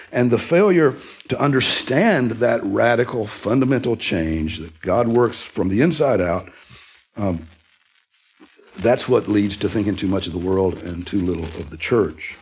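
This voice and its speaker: A man preaching a sermon, teaching earnestly and rising sharply in pitch to stress key words. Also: lively intonation, unhurried, husky. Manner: earnest, emphatic teaching with sudden rises in pitch for emphasis. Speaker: pastor.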